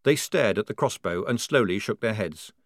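A man narrating a story in a wry, lively storytelling manner. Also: fairly low pitch, brisk, dry recording, studio quality. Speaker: audiobook narrator.

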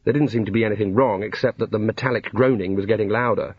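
Husky man reading a comic novel. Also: lowish voice, fairly even intonation, fast, no room sound. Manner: dry comic storytelling. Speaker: audiobook narrator. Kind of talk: scripted narration. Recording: dull lo-fi recording.

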